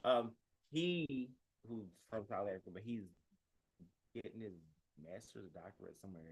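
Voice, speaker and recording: A man co-hosting a casual podcast conversation, relaxed and chatty, chiming in often with short remarks. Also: lowish voice, normal speed, husky, low-quality recording.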